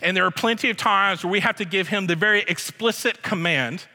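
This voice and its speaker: A man preaching a sermon as pastor, emphatic, slowing down and repeating his key phrases. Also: high voice, bright, forceful tone. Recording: long hall reverb.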